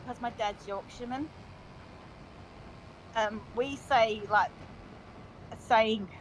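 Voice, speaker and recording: A fairly high-voiced woman from England talks over a phone into a game stream, chatty and quick to laugh. She hesitates often with small fillers, and a faint background noise sits under her voice. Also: poor audio. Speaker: friend on phone call. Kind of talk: casual chat.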